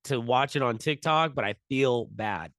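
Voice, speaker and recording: A man's voice: medium pitch, normal speed, over a noisy crowd. A man co-hosting a podcast, talking candidly and at length, swearing often. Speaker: podcast co-host. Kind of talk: casual chat.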